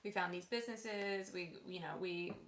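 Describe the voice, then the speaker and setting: A woman's voice: fairly low pitch, fairly even intonation, normal speed, reverberant. A woman co-hosting a casual livestream chat, bubbly and playful, often breaking into laughs. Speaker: co-host, lawyer and actress.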